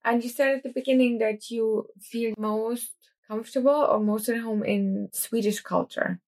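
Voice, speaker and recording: A woman interviewer asks careful, probing questions, hedging as she picks her words. Her voice has a noticeable gravelly fry. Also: fairly high pitch, steady tone, normal speed, darkish tone. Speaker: interviewer, podcast host. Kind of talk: casual interview conversation.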